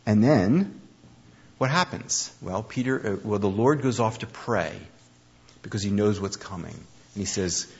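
A man preaching a conversational sermon, telling the story with animated, acted-out speech. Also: lowish voice, a little slow, husky. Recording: dull lo-fi recording.

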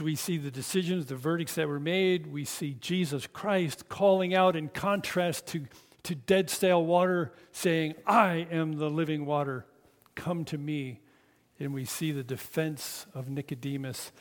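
A man preaching a sermon, telling the story slowly and dramatically in a reverberant church hall. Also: fairly high pitch. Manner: dramatic storytelling, slow and emphatic.

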